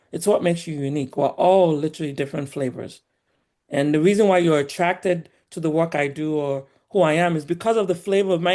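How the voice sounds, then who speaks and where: Woman with a Nigerian accent, animated. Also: lowish voice. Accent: Nigerian, polished by years in the US. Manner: animated and emphatic, laughs often. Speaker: guest. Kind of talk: casual conversation.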